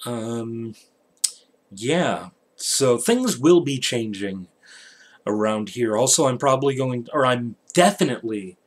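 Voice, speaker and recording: A man talks to his viewers late at night, wandering from topic to topic. He jokes and swears freely in a relaxed, offhand way. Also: fairly low pitch. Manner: rambling, profane, joking. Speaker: channel host. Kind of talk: rambling late-night channel update.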